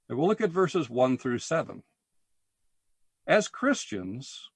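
A man preaching a sermon, deliberate and emphatic, posing rhetorical questions. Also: medium pitch, slightly rough, no room sound. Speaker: pastor.

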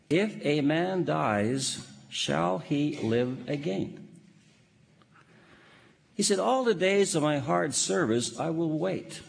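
A man preaching a sermon in a measured, emphatic way, posing rhetorical questions and reading scripture. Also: fairly high pitch, gravelly, in a large hall.

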